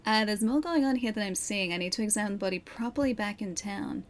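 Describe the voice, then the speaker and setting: A woman's voice: mid-range voice, quick pace. A young woman streamer chatting casually as she plays a game at her PC, reacting and laughing often. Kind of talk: casual live-stream gaming chat. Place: home room at her PC.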